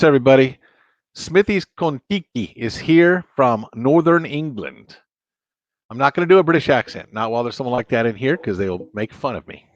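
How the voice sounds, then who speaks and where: A man's voice: mid-range voice, no echo, lo-fi sound. Chatty man hosting a live stream. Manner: chatty, joking, talks to viewers directly. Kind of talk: casual live stream chat.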